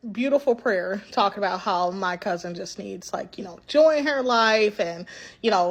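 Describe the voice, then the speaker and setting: A young adult woman telling a personal story in a casual vlog, animated and chatty, acting out quotes and often asking "right?". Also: mid-range voice.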